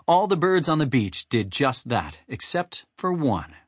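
Male narrator for a kids' audiobook: animated, husky, dry studio sound. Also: mid-range voice, a little slow, dry recording. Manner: animated, storytelling. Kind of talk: scripted narration.

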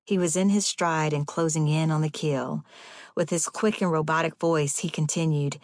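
Low-voiced woman reading her memoir. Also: fairly even intonation, a little mellow, dry recording, studio quality. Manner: measured, deliberate reading. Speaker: audiobook narrator. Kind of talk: first-person memoir narration.

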